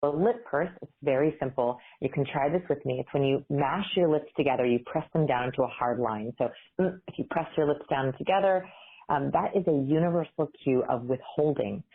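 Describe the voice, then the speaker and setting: A woman researcher explaining communication cues as an interview guest, animated and upbeat. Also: low-pitched, a little fast, husky. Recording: tinny phone-like line.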